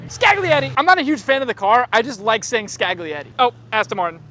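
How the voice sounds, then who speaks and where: A young man vlogging at a car meet, rattling off car models with playful, joking excitement. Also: very high-pitched, quick pace. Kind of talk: excited car-spotting commentary. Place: outdoors at a car meet and inside a dealership.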